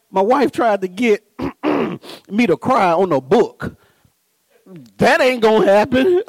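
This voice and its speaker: A middle-aged man preaching with humor, telling stories, mimicking voices and laughing, swinging from low mutters to high shouts. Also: no echo, poor audio. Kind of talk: humorous sermon.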